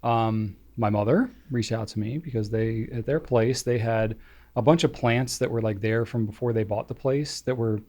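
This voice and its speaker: A man co-hosting a podcast in casual chat, encouraging and quick to laugh. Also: mid-range voice, dark tone. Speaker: podcast co-host.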